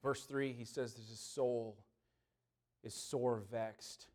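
A man, a pastor, preaching a sermon with passion, swinging between loud pleading and hushed earnestness. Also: medium pitch, slow pace.

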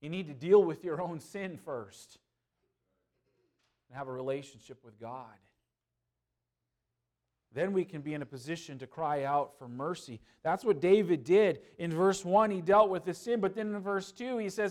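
High-pitched preacher guy, gets loud then goes real quiet, very earnest sermon. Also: normal speed. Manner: impassioned preaching, swinging from loud pleading to hushed earnestness. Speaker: pastor.

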